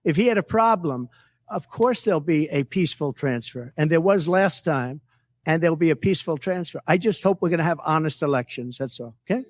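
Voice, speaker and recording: A man's voice: on the high side, expressive, brisk, dry recording. A man running for office, answering reporters' questions at a press conference in a boastful, repetitive and emphatic way. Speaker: political candidate at a press conference.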